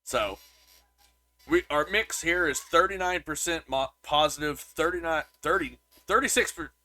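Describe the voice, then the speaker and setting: A man's voice: fairly high pitch, animated, moderate pace, sharp tone, a little hiss or hum. A man co-hosting a podcast, chatting casually about a movie and reading reviews aloud, with lots of restarts. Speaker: podcast co-host.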